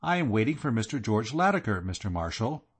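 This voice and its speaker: A man's voice: lowish voice, brisk. Man doing a cool confident detective guy, sure of himself. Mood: assured. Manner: calm and assured.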